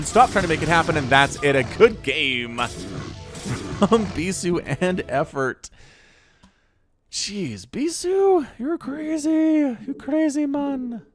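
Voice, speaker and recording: A man casting a real-time strategy match with animated commentary and quick excited bursts. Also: high-pitched, faint music behind. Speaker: StarCraft caster.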